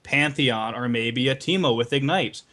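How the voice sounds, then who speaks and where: A man's voice: mid-range voice, normal speed, a bit bright. A man on a casual gaming podcast giving blunt advice about owning your losses. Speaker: podcast co-host.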